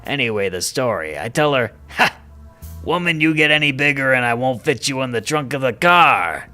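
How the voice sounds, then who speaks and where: A man's voice: medium pitch, expressive, moderate pace, sharp tone, faint music behind. A man voicing a jovial, rambling animal father in a game who laughs at his own stories. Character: chatty male animal father, jovial storyteller.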